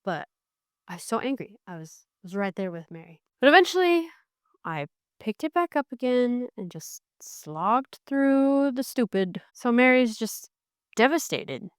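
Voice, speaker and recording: A young woman chatting casually as she reviews a book, animated and wry, often restarting her sentences. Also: on the high side, a little slow, clear, resonant tone, no room sound, clean studio sound.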